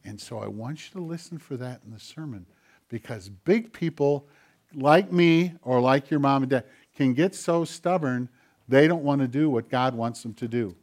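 A man's voice: mid-range voice, moderate pace, darkish tone. A man pastor reading scripture and then giving a playful, friendly children's sermon.

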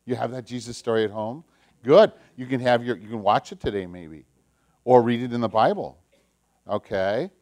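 A pastor telling a story to children during a sermon, in an animated, emphatic way. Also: male voice, medium pitch, normal speed.

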